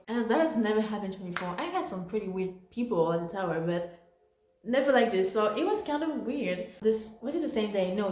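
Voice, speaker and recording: A woman's voice: mid-range voice, darkish tone. Chatty woman in an echoey room. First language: French. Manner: rambling, full of fillers and self-corrections. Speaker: vlogger telling work stories. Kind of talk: casual storytelling.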